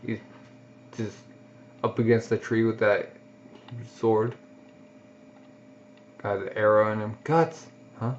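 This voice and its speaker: A man's voice: on the low side, level tone, slow pace, pauses often, slight background noise. A man giving casual, reactive commentary while he reads a manga aloud, on a dull lo-fi recording. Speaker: manga reader. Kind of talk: casual read-along commentary.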